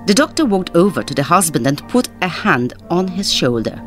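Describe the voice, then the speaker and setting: A woman's voice: lowish voice, sing-song, normal speed, faint music behind. A woman with a Maltese accent, an actress reading a short story aloud and chatting as a guest. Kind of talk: storytelling reading, then interview chat.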